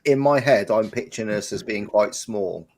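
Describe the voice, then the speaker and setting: A man's voice: on the low side, normal speed, darkish tone. A man playing a tabletop game, dry and teasing toward the others. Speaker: player.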